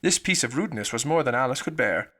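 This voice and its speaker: A man reading a children's classic aloud as an audiobook narrator, in calm storytelling. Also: medium pitch, fast talker. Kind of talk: scripted narration.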